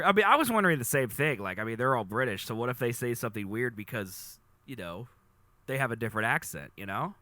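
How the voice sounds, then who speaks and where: A man in his thirties chatting playfully to his live stream audience, rambling and animated. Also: medium pitch, quick pace, no echo, clean studio sound. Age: 30s. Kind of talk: casual chat to live chat.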